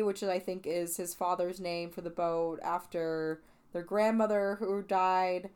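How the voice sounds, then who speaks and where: A woman's voice: mid-range voice, clean tone. Chatty young woman reviewing a film. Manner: chatty, many "like" fillers. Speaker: podcast host. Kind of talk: casual film review monologue.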